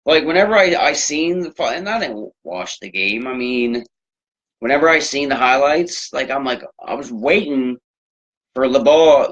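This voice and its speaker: A man's voice: medium pitch, moderate pace, a bit bright. Profane rambling man ranting about sports. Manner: profane, rambling, loose filler-heavy ranting. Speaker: sports talk host. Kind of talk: solo sports rant. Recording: dull lo-fi recording.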